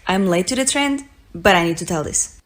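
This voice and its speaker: Portuguese woman telling a travel story, a bit halting. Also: on the low side, expressive, background noise. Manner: earnest, slightly halting. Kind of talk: casual storytelling.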